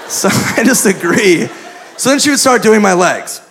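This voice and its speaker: A man's voice: sits high, expressive, measured pace, long pauses. A man doing stand-up, telling a crude story and acting out the dialogue, recorded live on a club stage with a handheld mic. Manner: acts out quoted dialogue, crude and profane. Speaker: stand-up comedian. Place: comedy club stage before a live audience. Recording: live club recording with audience laughter and noise.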